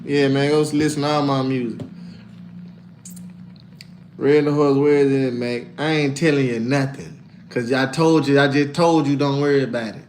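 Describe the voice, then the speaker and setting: A man chatting casually on a livestream, slangy and animated, telling stories and answering viewers. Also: mid-range voice, moderate pace, pauses often, a little hiss or hum. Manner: animated, slangy, storytelling with put-on voices. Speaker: livestreamer and musician.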